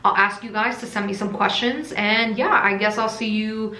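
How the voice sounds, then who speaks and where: A woman's voice: medium pitch, fairly even intonation, moderate pace, pushed and bright. A woman from Russia who runs a crystal shop, chatting casually and rambling a bit while answering viewer questions in a vlog; she tends to mumble. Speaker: crystal shop owner and vlogger. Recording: roomy echo.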